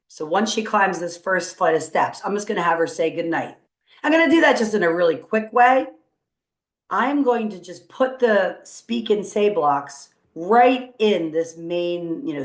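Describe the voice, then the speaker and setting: A woman teacher talks through a screen-recorded coding tutorial in a fairly low voice, upbeat and encouraging as she thinks aloud. The room rings around her with a noticeable, roomy echo.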